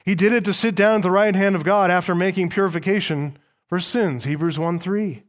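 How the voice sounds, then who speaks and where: Higher-voiced man preaching with emphasis. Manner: emphatic preaching, slows down to stress key words; reads scripture aloud and explains it point by point. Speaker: pastor. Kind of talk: sermon.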